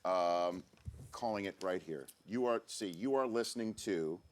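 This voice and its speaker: Sports talk host, lowish voice, playful studio banter. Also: male voice, a little slow. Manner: playful, joking. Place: radio studio.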